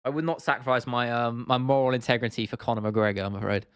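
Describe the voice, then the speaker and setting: Talking fast in an even, mid-range voice with a clean tone, this man runs an MMA livestream and fields viewer comments casually. He rambles, curses freely, and keeps restarting and using fillers. The recording is dry and studio-clean.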